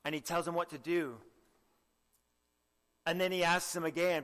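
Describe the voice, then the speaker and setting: A young man preaching a sermon with earnest exhortation, often asking the listeners direct questions and clearing his throat. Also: a little high, fairly even intonation, normal speed, a bit bright, long reverb tail.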